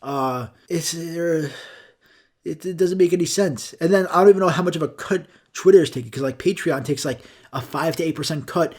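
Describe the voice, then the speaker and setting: Profane ranting man, slightly high voice. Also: a little fast, a little mellow. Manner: profane, rambling rant. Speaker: podcast host. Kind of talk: solo podcast rant.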